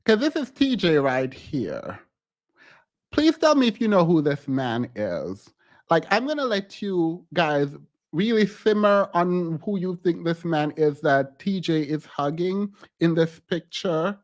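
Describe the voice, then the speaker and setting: High, lively, slow-talking gossiping man. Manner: giggly, hesitant, often breaks off and restarts. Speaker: YouTube commentator. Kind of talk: casual celebrity gossip commentary.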